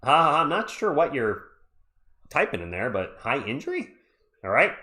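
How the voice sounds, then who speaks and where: A man hosting a live play-by-play stream, calling the action and chatting with viewers in an excitable, jokey way. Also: mid-range voice, moderate pace. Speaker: livestream play-by-play host. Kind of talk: live play-by-play with chat reactions.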